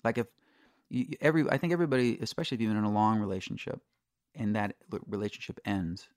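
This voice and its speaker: A man's voice: fairly low pitch, animated, quick pace, darkish tone, dry recording, studio quality. A middle-aged man, a singer-songwriter guest, telling candid stories in a casual interview, restarting sentences and swearing freely.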